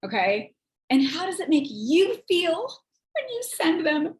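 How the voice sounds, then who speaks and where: A woman and sales team leader giving casual coaching talk, chatty and rambling, acting out quoted texts in a higher voice. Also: sing-song, a little slow, echoey room, rough recording.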